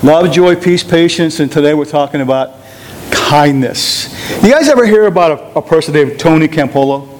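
Animated male pastor preaching a sermon. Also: a little high, moderate pace, a little hiss or hum, poor audio. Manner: questions the congregation, animated and emphatic.

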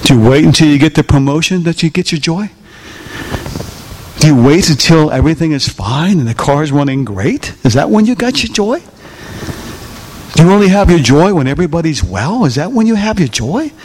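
A man with a slightly raised pitch delivers a sermon as a pastor. He talks in a folksy way, throwing rhetorical questions at the congregation. His delivery swings from loud emphasis to soft, drawn-out lines. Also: very animated, a little hiss or hum.

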